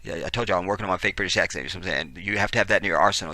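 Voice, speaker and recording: A man ranting into a close, dry mic, his fairly low voice cutting hard and sharp. He swears freely, repeats his points for emphasis and keeps checking in with his listeners. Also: racing, few pauses, dry recording. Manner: profane, emphatic, repetitive; frequent "see what I'm saying" asides. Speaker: political commentator. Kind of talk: ranting video commentary.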